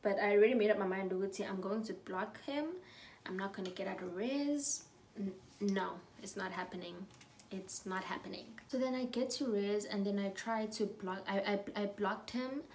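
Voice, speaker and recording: A young woman telling a storytime while getting ready, chatty and animated, sometimes dropping to a whisper. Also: medium pitch, normal speed. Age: young adult. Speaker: vlogger.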